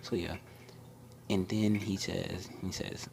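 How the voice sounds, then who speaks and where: A young man casually retelling an anime fan story in a hushed, often half-whispered way, with lots of restarts and fillers. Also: deep voice, level tone, takes it slowly, creaky, slight background noise.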